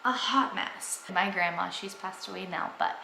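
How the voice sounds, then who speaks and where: A woman's voice: medium pitch, moderate pace, creaky, bright, forceful tone, reverberant, a little hiss or hum, low-quality recording. A young woman vlogging at home, talking earnestly and enthusiastically about her faith to the camera. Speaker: family vlogger. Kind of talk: casual faith talk to camera.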